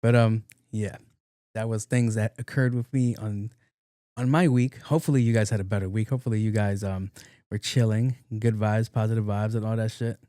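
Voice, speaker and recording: A young man hosting a podcast, retelling a road-rage story in a profane, animated way with acted-out quotes. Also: fairly low pitch, normal speed, dry recording, studio quality. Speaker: podcast host. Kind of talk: casual solo storytelling.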